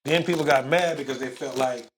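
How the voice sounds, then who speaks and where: A man's voice: mid-range voice, fairly quick, slight background noise. A man co-hosting a podcast, arguing and explaining football rules in casual banter. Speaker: podcast co-host.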